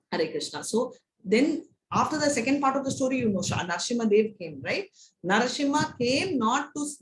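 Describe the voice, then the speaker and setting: A woman with an Indian English accent teaching a devotional scripture class, telling stories and often tagging lines with "right?" and "you know". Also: medium pitch. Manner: storytelling, frequent "right?" and "you know" tags. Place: temple class room. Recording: echoey room with faint noise.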